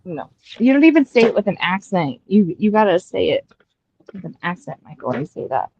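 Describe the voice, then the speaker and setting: A woman's voice: fairly low pitch, sing-song, fairly quick, darkish tone, a little hiss or hum. A woman hosting her livestream in casual chat, with a laid-back, teasing drawl. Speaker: livestream host. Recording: dull lo-fi stream audio.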